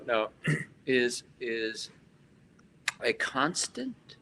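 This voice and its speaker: A man leading a guided meditation with chanted mantras, then talking about practice with frequent halting repeats. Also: mid-range voice, bright, forceful tone, a little hiss or hum, poor audio. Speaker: spiritual teacher. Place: hotel expo hall.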